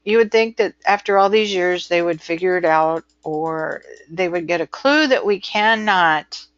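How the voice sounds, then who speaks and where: A woman's voice: on the low side, a little slow, a bit bright, no room sound, highs cut off. A middle-aged woman teaching a transcription class, talking casually and rambling, with frequent ums and asides. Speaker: transcription instructor. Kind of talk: casual webinar lecture.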